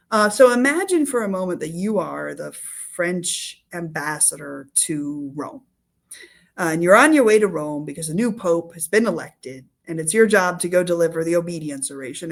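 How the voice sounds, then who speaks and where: A woman historian in a casual interview, explaining history in a playful storytelling way with acted quotes. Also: lowish voice. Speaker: historian guest.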